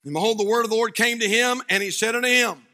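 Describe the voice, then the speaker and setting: A male pastor preaching a sermon, swinging between shouted fervor and hushed, quiet passages. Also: very high-pitched, fairly even intonation, quick pace.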